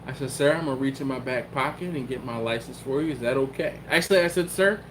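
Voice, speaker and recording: A man's voice: medium pitch, quick pace, slight background noise. A man from the Philadelphia area hosting a live stream, telling a story in casual talk and acting out the quotes. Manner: animated, acts out quotes and cat sounds. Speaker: YouTube host.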